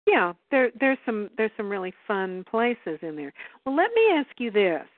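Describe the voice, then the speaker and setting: A woman hosting a live interview, measured and inviting in how she frames her questions. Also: mid-range voice, big pitch swings, dry recording. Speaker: host. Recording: dry phone-like line.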